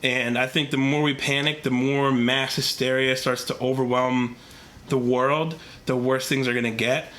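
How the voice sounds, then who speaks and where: Young male vlogger, congested from a cold, bright edge to the voice, earnest and rambling. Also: mid-range voice, little pitch movement, moderate pace. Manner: earnest, rambling with many fillers. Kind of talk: casual talk to camera. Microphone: camera mic, talking to camera.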